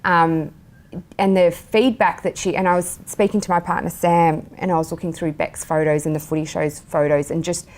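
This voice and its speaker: Woman podcast host, supportive, agrees a lot, lowish voice, casual chat. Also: fairly even intonation, normal speed, a little mellow. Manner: supportive, lots of agreeing backchannel.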